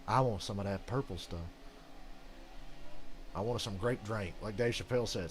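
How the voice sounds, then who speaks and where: A man's voice: lowish voice, normal speed, pauses often, slight background noise. A man giving casual, rambling gameplay commentary as a channel host, ranting and swearing freely.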